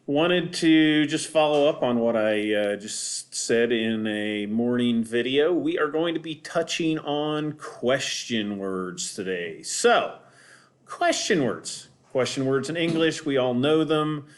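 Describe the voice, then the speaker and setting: A man of middle pitch talks through a lesson at an unhurried pace. He explains things patiently and repeats himself, often pausing to check in with his students. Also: lively intonation. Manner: slow, patient, repeats words with many okays. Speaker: Spanish teacher. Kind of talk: recorded classroom lesson for students. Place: home, cats in the background.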